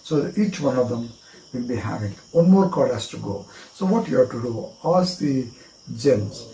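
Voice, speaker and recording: A man with an Indian English accent walks through a card trick, spelling words out one letter at a time and repeating little chants. His voice is mellow and warm. The room is echoey, with faint crickets behind him. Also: mid-range voice, animated, moderate pace, a little hiss or hum. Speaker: magic teacher.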